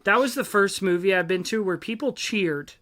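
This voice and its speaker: A young man with a bright, forceful voice, talking excitedly on a casual podcast. He rambles into tangents and fills gaps with ums and uhs. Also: high-pitched, normal speed. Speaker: podcast co-host. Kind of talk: casual chat.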